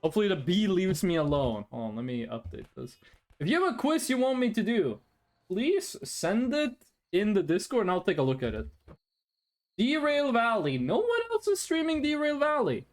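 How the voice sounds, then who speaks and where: A native Norwegian speaker streaming games from a room at home, rambling and joking in casual chat, swearing now and then. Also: medium pitch. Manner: animated, rambling, jokey, swears. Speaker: game streamer.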